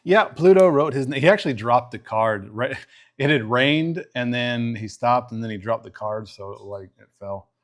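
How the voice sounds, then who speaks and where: A middle-aged man in an easygoing livestream chat, talking through his card pulls in a loose, rambling way. He often trails off and restarts his sentences, and his voice sits in an ordinary middle pitch. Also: normal speed. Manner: relaxed, rambling, breaks off and restarts. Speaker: streamer opening trading cards.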